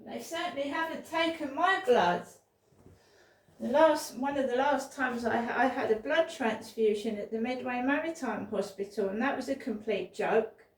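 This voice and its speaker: A woman's voice: sits high, moderate pace. A woman, telling a rambling personal story in a casual vlog, often repeating words and restarting sentences. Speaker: vlogger. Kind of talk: casual spoken diary. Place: indoors at home. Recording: roomy, from a distance.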